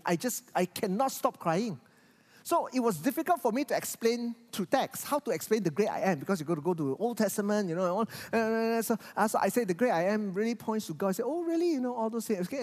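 In a sermon, a pastor's pitch climbs and dips in lively, animated swings. He frequently repeats words, and the church hall leaves a long reverb trailing after his voice.

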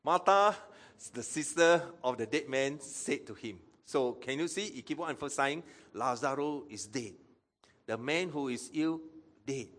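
A man's voice: mid-range voice, moderate pace, a bit bright. A man preaching a sermon as pastor, acting out Bible quotes and asking the audience questions.

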